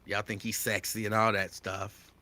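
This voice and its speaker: A man's voice: on the low side, normal speed. A male talk show host giving his opinions straight to listeners in an emphatic, repetitive way, addressing them directly. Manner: animated, emphatic, repeats his points, addresses listeners as y'all.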